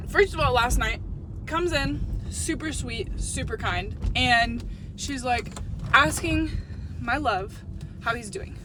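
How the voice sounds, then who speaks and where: High-voiced woman vlogging outside, gushy and sweary, lots of traffic noise in the back. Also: takes it slowly. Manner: gushing, profane, lots of "like". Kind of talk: casual chat.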